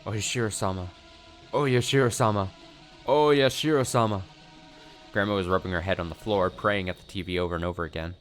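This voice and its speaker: A man reading a visual novel aloud for a let's play, with steady, earnest narration. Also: deep voice, racing, few pauses, faint music behind.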